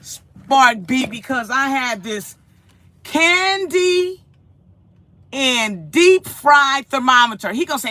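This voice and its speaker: A woman with a high, unhurried voice addresses her viewers from her kitchen at home. As a vlogger, she tells a lively, meandering story packed with repetition, and the recording has no room sound.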